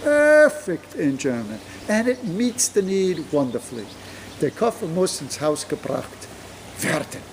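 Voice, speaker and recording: Slow, lively-voiced man teaching grammar. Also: on the high side, a little hiss or hum, rough recording. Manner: slow and deliberate, voice rising when stressing points. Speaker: German teacher. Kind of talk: explaining grammar to camera.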